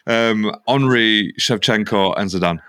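A man's voice: fairly low pitch, measured pace, fairly bright tone, clear, resonant tone, no room sound, studio quality. A man co-hosting a football podcast, talking casually and rambling with lots of fillers. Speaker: podcast co-host. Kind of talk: casual chat.

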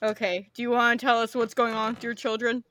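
A woman co-hosting a casual podcast chat, with quick teasing reactions. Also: a little high, flat delivery, fairly bright tone, a little hiss or hum.

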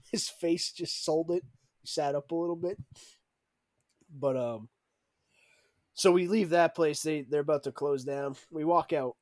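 A man's voice: on the high side, darkish tone, no echo. A young man telling a story in a casual chat, laughing often and acting out what others said. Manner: laughing storyteller, acts out quotes with raised voice.

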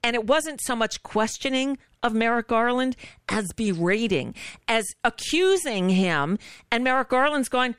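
A woman hosting a political talk radio show, sarcastic and indignant, with quick asides. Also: on the high side, lively intonation, fairly bright tone, clear, resonant tone, no echo, studio quality.

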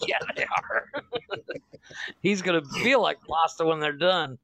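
A man's voice: a little high, animated, slow pace, gravelly, pushed and bright, slight background noise. A man co-hosting a comedy podcast, cracking crude jokes and laughing often in casual chat. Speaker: podcast co-host.

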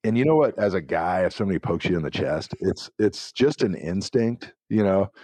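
Deep voiced guy in his 40s telling locker room stories, dry close mic. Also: fairly quick, no echo. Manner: animated anecdotes with acted-out quotes. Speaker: guest, former pro football player. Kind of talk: casual interview storytelling.

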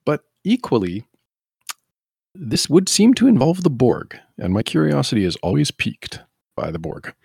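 A man co-hosting a casual podcast chat, rambling and riffing with animated asides. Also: mid-range voice, normal speed, gravelly, breathy edge, no echo, studio quality.

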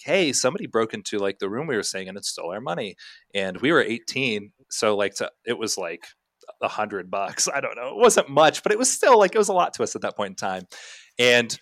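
A man's voice: fairly low pitch, a bit bright, no echo. A young man talking as a podcast guest, telling long anecdotes with plenty of fillers and restarts in a casual chat. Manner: rambling storyteller, many fillers.

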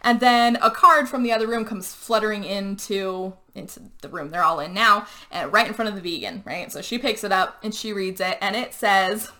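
A woman hosting a podcast, recapping a movie in casual, animated chat. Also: mid-range voice, normal speed, hardly any pauses. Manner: animated storytelling with frequent likes and laughs. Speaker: podcast host.

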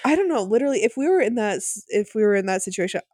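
A woman co-hosting a podcast, retelling a TV episode in casual chat with lively acted-out quotes. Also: medium pitch, racing, no room sound, studio quality. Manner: chatty, animated retelling with acted quotes and laughs. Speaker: podcast co-host.

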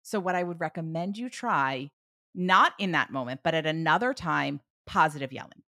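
A woman coaching a parent with advice, acting out example phrases with lively emphasis. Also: deep voice, normal speed, dry recording, studio quality. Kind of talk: advice session.

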